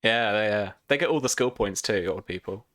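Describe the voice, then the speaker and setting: A man's voice: on the low side, fairly quick, a bit bright. A man acting as game master, laughing often and passing the talk around the table. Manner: laid-back, laughs a lot, hands the turn to others. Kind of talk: casual chat.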